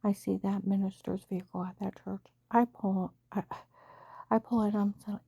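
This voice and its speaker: Brief: middle-aged woman, warm breathy voice, raw emotional testimony, breathless and urgent. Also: medium pitch, flat delivery, moderate pace, dry recording, highs cut off. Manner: emotional, breathless retelling with frequent quoted dialogue. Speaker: storyteller. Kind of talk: personal testimony.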